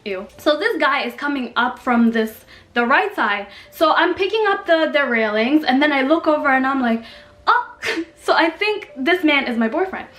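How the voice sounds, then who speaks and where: A young woman from Kenya telling a story in a casual, animated, slangy and self-mocking way. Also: high voice, moderate pace. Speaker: vlogger. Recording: echoey room with faint music.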